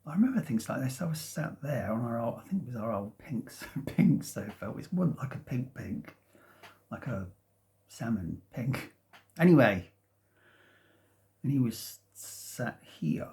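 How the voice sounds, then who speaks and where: A man in his fifties, rambling casually at home about his past, hesitant and meandering with many restarts and soft chuckles. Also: medium pitch, very animated, measured pace. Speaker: vlogger. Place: at home, sitting in a sunlit room.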